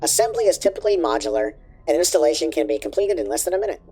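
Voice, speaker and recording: A man's voice: high-pitched, big pitch swings, racing, mellow, faint music behind, voice pushed up. A man reading encyclopedia entries aloud through an alien voice filter, with small slips and restarts. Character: filtered alien-sounding reader, male, calm. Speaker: streamer reading codex entries.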